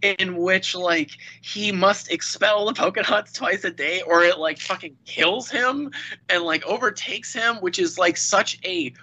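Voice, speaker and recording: Excitable, profane male podcaster, bright forceful voice. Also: high voice, low-quality recording. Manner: excitable, profane, rapid-fire storytelling. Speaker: podcast co-host. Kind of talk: casual movie review chat.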